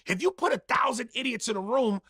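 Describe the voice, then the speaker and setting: A man's voice: very high-pitched, a little fast, sharp tone, husky, no room sound, studio quality. A man in casual debate, talking emphatically and profanely and mimicking the way others speak.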